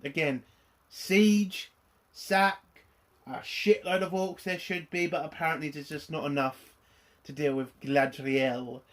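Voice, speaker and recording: A man reviewing a TV episode in a loose, casual way, sounding fed up and sarcastic and swearing freely. His voice sits fairly high for a man, and he takes his time, drawing out his complaints at a slow, unhurried pace. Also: fairly even intonation, fairly bright tone. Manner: exasperated, sarcastic, swears often.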